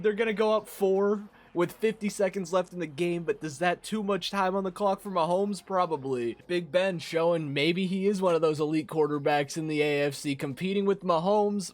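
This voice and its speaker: A young man with a raspy voice from a cold, commentating a football video game and yelling at big plays. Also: fairly high pitch, moderate pace, hardly any pauses. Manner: excitable, yells at big plays. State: hoarse from a cold. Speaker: gaming commentator.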